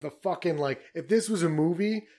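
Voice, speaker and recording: A man with a fairly high, mellow voice speaks at a moderate pace, rambling through a casual chat about history. He swears and leans heavily on fillers like "like" and "you know."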